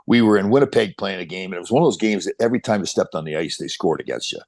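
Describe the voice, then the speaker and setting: Fast-talking deep-voiced man in his 60s. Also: no echo. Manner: animated storyteller, quick restarts. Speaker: podcast guest, former pro hockey player. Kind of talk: casual storytelling interview.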